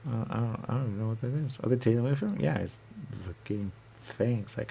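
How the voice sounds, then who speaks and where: A man rambling in a goofy comic back-and-forth with himself, answering his own questions and dropping into hushed asides. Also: mid-range voice, animated, quick pace, vocal fry, a little hiss or hum. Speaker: radio show personality.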